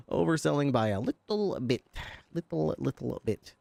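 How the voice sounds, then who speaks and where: A man's voice: fairly high pitch, sing-song, measured pace, vocal fry, a little mellow, no room sound. A man role-playing as a police sergeant in an online game, talking in a playful, hammy way and laughing often. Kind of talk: casual role-play chat.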